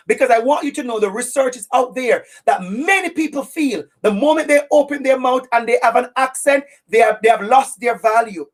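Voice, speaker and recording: A woman's voice: a little high, a little fast, few pauses. A woman with an accent giving an impassioned webinar talk as an anti-racism educator, speaking directly and repeating phrases for stress. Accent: non-native English accent.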